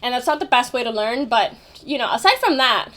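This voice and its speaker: A young woman with a high voice tells a story in a loose, rambling way. She leans on fillers, restarts her sentences and swears now and then. She sounds like she is chatting to a camera. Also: animated, a little fast, a bit bright. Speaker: vlogger. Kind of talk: casual storytelling.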